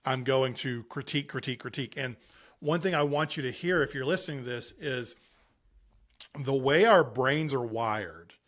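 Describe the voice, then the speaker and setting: This podcast guest, a man in his late thirties, talks sports parenting through stories and advice, earnest and emphatic, restarting often. His voice is mid-range and a bit bright.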